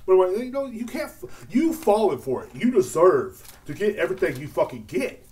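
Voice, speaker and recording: A man talks loosely on his own podcast, restarting sentences and stacking filler words. He swears often, and his pitch rises and falls in lively swings. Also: brisk. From United States. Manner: rambling, profane, lots of filler words and restarts. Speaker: podcast host. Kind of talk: casual solo podcast rant.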